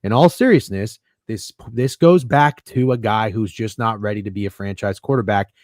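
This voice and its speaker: A man's voice: lowish voice, normal speed, a little mellow, no echo, clean studio sound. A man hosting a sports podcast, steering the panel and citing stats in a casual, frank tone. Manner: leads the discussion, cites stats. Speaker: podcast host.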